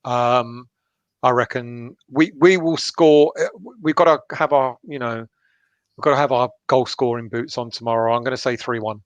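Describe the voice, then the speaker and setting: A man's voice: mid-range voice, fairly even intonation, moderate pace, dry recording, muffled recording. A man co-hosting a casual fan live stream, blunt and often laughing.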